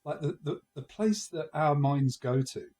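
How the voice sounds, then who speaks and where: A man's voice: a little high, expressive, unhurried, warm tone. A man in his forties co-hosting a casual comedy podcast, telling self-mocking stories and often laughing at them. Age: 40s. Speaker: podcast co-host.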